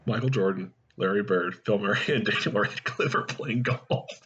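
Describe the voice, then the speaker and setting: A man co-hosting a podcast, rambling and laughing as he pitches a silly movie idea in casual chat. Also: normal speed, fairly bright tone, breathy edge. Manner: rambling, laughing, acting out quoted lines. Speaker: podcast co-host. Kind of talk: casual comedic brainstorming chat. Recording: slightly dull lo-fi audio.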